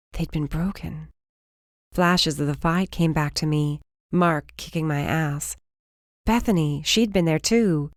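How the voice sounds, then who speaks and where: Low-voiced woman narrating an audiobook. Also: darkish tone, no echo, clean studio sound. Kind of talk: first-person fantasy audiobook narration.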